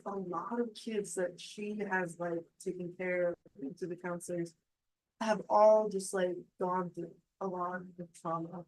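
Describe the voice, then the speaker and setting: A woman in a casual podcast chat who tells stories in an animated way and laughs often. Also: fairly low pitch, low-quality recording.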